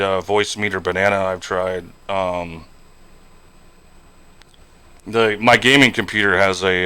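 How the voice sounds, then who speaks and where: Man, streamer and trucker, casual rambling chat, many fillers, lowish voice. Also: pushed and bright, clear, resonant tone. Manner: rambling, heavy on fillers and "you know". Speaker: game streamer and truck driver. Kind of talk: casual live-stream chat while gaming.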